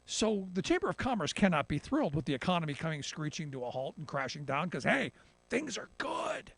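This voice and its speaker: A man giving animated political commentary on a talk radio show, often mocking politicians in imitation. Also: on the high side, fast, no echo.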